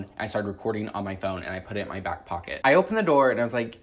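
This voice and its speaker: A man's voice: on the low side, lively intonation, quick pace, few pauses. A young man vlogging a storytime from his apartment, rambling anxiously with lots of "like"s. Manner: anxious, rambling retelling with many "like"s. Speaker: YouTuber. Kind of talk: casual storytime.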